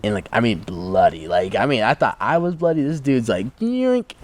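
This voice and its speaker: A man's voice: medium pitch, moderate pace. A young man from the United States, a guest on the show, tells a story casually and keeps saying "like". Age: young adult. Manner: animated, heavy use of "like".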